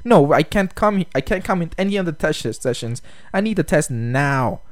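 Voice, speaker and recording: A man putting on a pushy young male student, higher and brighter than his usual voice, whining and insistent as he demands to be registered right away. it sounds dry and close, with little room sound. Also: expressive, moderate pace, dry recording, lightly acted. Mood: demanding. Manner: whiny, insistent pleading.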